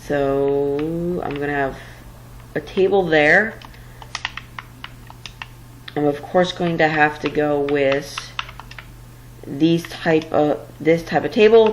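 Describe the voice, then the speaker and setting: Late at night and worn out, this gameplay commentator rambles through a let's play as she builds, sounding a bit flustered and poking fun at herself. Her voice is deep and a little mellow. There's slight background noise on a low-quality recording.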